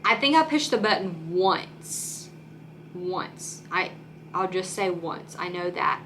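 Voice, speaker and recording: A young woman vlogger speaks candidly and chattily to the camera, full of "like" and "um," and sometimes close to tears. Her voice is on the low side, expressive, and a bit bright, with a slow pace and slight background noise.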